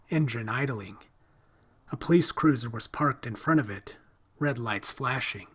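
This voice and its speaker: A man reading a horror story aloud in a slow, hushed, drawn-out way. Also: mid-range voice, breathy edge. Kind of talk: scripted horror narration.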